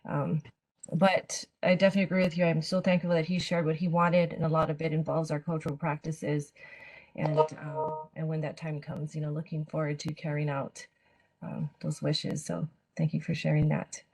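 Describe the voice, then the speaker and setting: Low, even-toned woman responding thoughtfully. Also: normal speed, rough recording. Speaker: panelist. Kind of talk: reflective panel discussion.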